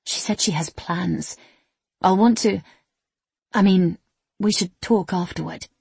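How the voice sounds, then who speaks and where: A woman's voice: on the low side, slow pace, creaky, darkish tone, husky, no echo, heavily acted. A woman voicing a wry, tired young woman with a dry, sardonic manner in a read-aloud story. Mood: hesitant.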